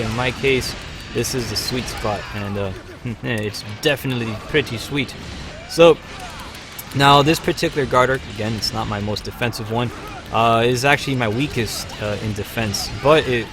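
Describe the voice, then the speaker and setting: A man hosting a live gameplay stream, chatting upbeat with frequent fillers as he plays. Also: mid-range voice. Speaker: livestream host.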